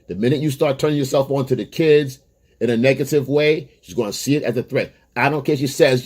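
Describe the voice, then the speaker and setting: A man's voice: medium pitch, brisk, a little mellow. A man giving dating advice straight to camera, blunt and emphatic, lecturing and repeating his points. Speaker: dating coach. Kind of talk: direct-to-camera advice monologue.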